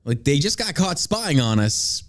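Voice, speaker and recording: A man's voice: on the high side, sing-song, a little slow. A man hosting a podcast, ranting through political commentary in a heated, profane way. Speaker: podcast host.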